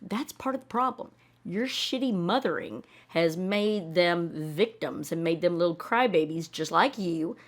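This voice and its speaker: Sarcastic lady ranting about tv, swears a lot, kinda low voice. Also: expressive, measured pace. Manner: blunt, sarcastic, swears freely. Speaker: reaction video host. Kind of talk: casual commentary rant.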